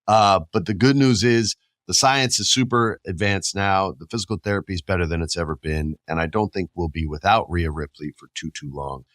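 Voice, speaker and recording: A man's voice: low voice, a little fast, hardly any pauses, fairly bright tone, no echo, clean studio sound. A man hosting a casual podcast chat, telling stories animatedly and acting out quotes and sound effects. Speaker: podcast host.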